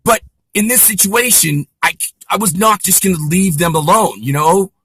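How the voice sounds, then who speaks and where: A man rambles through personal anecdotes in a loose, animated monologue, tossing in asides as he goes. His voice sits a bit high and rings bright, recorded close and dry. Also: normal speed, husky, no echo, soft background music. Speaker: vlogger. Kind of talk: casual storytelling monologue.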